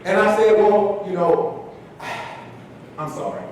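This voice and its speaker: A man giving a talk to an audience, telling a story in an animated way and acting out the dialogue. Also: slow. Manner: animated storyteller, shifts loudness, acts out dialogue. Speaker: speaker at an education talk. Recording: echoey hall, distant mic, faint rumble.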